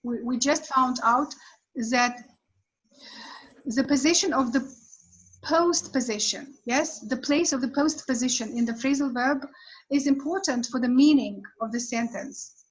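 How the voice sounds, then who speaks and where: A woman's voice: high voice, a little slow, muffled recording. A woman English teacher explaining grammar in an online lesson, often checking understanding with short questions.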